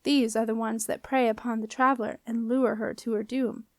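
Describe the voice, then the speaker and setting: A woman voicing a wise, calm old witch mother who talks slowly and cryptically in a storybook reading. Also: on the high side, dry recording, clean studio sound, lightly acted. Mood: solemn. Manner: slow, solemn, cryptic speech.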